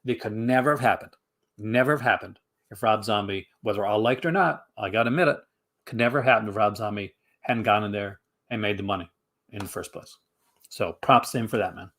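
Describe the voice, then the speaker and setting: A man's voice: fairly low pitch, fairly quick, fairly bright tone. Rambling man chatting on a livestream. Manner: rambling, many fillers and restarts. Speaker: livestream host. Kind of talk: casual chat answering a live chat.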